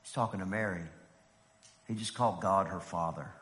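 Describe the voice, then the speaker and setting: A man preaching a sermon as pastor, swinging from quiet, hushed storytelling to loud, climbing exclamations. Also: sits low, moderate pace, long reverb tail.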